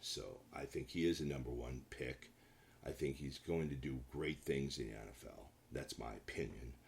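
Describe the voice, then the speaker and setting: A man's voice: rumbling low, normal speed, vocal fry, a little hiss or hum. A man hosting his own sports talk show, chatting loosely about football with many restarts and emphatic bursts. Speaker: show host, sports analyst. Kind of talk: casual solo sports talk.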